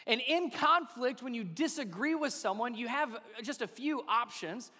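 A man's voice: very high voice, animated, moderate pace, bright, forceful tone, long reverb tail. A man in his thirties preaching a sermon as a pastor, talking conversationally and asking his listeners rhetorical questions.

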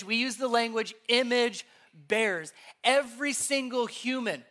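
Pastor, sermon teaching, bright forceful tone, earnest, repeats key points. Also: medium pitch, measured pace. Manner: asks the audience rhetorical questions.

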